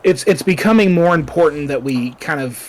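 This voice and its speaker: A man's voice: fairly high pitch, lively intonation, fairly quick, a crowd in the background, rough recording. A man co-hosting a podcast in casual chat, laid-back and wry. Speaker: podcast co-host.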